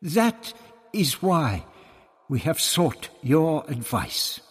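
A man voicing a scheming male courtier who talks smoothly and persuasively, in an audiobook reading. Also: a little high, sing-song, extremely slow, in a large hall, pitched above the performer's own voice, heavily acted.

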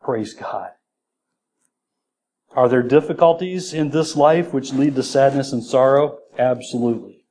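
A man's voice: mid-range voice, fairly even intonation, darkish tone. A man preaching a sermon as pastor, earnest and repeating his key points. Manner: earnest, repeats key phrases, quick laughs.

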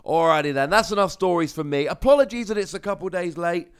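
A man's voice: high-pitched, lively intonation, fast, smooth. A young man from Cornwall with a British accent, hosting a casual solo podcast and telling rambling stories full of asides. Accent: British English. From Cornwall, England. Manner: chatty, rambling storyteller with asides. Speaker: podcast host.

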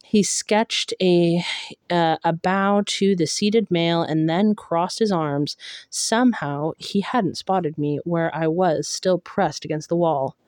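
A woman reading a first-person novel aloud in a measured, steady way. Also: on the low side, no echo, clean studio sound. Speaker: audiobook reader.

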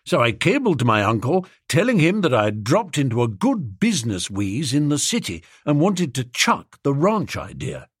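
A man voicing a gloomy, hard-up young gentleman in an audiobook, rambling in flustered, old-fashioned slang. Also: mid-range voice, huge pitch swings, normal speed, few pauses, husky, no room sound, studio quality. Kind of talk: audiobook character voice.

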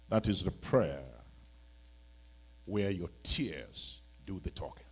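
A man's voice: low voice, animated, slow, long pauses, breathy edge. A man preaching a church sermon as a bishop, pleading and emphatic, with many rhetorical questions.

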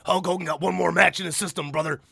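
A man doing an impression of a loud veteran wrestler cutting a promo, calling everyone brother. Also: sits high, steady tone, quick pace, gravelly, husky, no echo, clean studio sound, heavily acted. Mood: boastful. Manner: shouty catchphrase promo, calls everyone brother.

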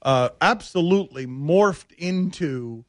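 A man hosting a sports radio show, telling stories with animated banter and frequent laughs. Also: a little high, takes it slowly, no echo, clean studio sound. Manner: animated storytelling, laughs often. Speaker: radio host.

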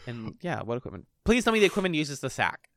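A man co-hosting a casual podcast about a video game, chatting in an animated way, laughing often and swearing casually. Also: a little high, fast talker, creaky, dry recording, clean studio sound. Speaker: podcast co-host.

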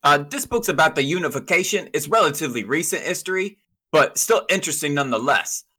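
A man voicing a cheerful, rough-spoken young male scholar with a folksy way of talking. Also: a little high, lively intonation, fast, sharp tone, full character voice. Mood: earnest.

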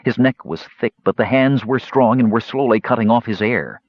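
A man narrating a fantasy audiobook in a dramatic, animated storytelling manner, in a dull lo-fi recording. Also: mid-range voice, moderate pace, dry recording.

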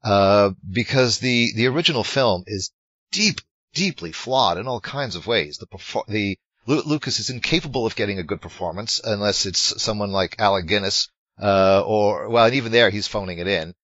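A man's voice: on the low side, animated, moderate pace, a bit bright, no echo. A man co-hosting a film podcast, talking in casual discussion with many fillers and restarts. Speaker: podcast co-host. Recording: dull lo-fi sound.

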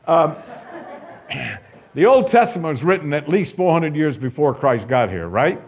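A man's voice: a little high, big pitch swings, a little slow, slightly rough. A man preaching a sermon, emphatic and conversational, putting questions to his listeners. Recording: dull lo-fi sound.

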